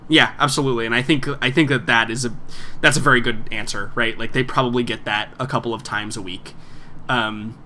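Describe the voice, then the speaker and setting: A man's voice: medium pitch, fairly even intonation, a little fast, bright, forceful tone. A man narrating as game master of a tabletop game, rambling with lots of fillers. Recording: faint background noise.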